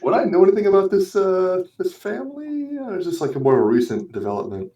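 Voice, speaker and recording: Chill guy player asking the gm stuff, warm darkish voice, roomy echo on the mic. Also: high voice, big pitch swings, a little fast, distant mic. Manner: questioning, loose and chatty. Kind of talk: casual tabletop game chat.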